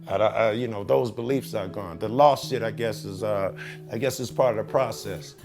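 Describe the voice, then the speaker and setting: A man's voice: lowish voice, moderate pace, music in the background. A man, talking profanely and animatedly in an interview, telling his own stories. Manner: profane, animated storytelling with Chicago slang. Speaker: interviewee, cop watcher. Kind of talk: casual interview talk.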